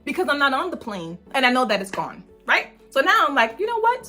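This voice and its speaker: A mother hosting her own channel, telling a storytime with emphatic, animated delivery and frequent "like". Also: high-pitched, a little fast, soft background music. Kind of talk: storytime vlog.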